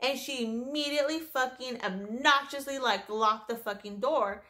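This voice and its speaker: A young woman vlogger telling a story in a casual, animated way, swearing often and full of fillers. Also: high-pitched, moderate pace.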